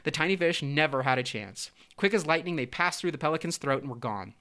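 A man narrating a storybook in an expressive, even-paced voice. He reads aloud clearly, as if to an audience of children. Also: a little high, a little fast. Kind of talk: storybook reading.

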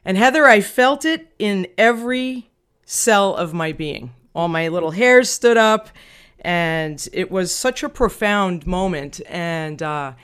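A middle-aged woman from Long Island, a guest auctioneer, telling a personal story in an interview with animated expression. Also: on the low side, slow, clean tone. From Long Island, New York.

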